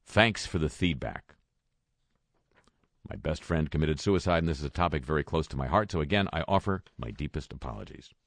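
A man's voice: a bass voice, expressive, brisk, no echo. A man reading a news roundup with dry, sarcastic asides between quoted statements. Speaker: radio news commentator. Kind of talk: wry spoken news roundup.

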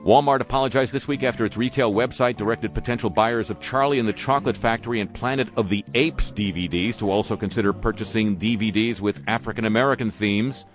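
A man hosts talk radio in a very low voice, reading out the week's news. He throws in dry, sarcastic asides along the way. Faint music plays underneath. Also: fast, hardly any pauses. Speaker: radio host.

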